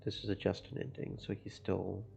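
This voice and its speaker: A man streaming a game, reading its narration and chatting about it in an even, gravelly voice. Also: low voice, a little fast, faint music behind. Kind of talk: narrating a visual novel with commentary. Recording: muffled lo-fi stream audio.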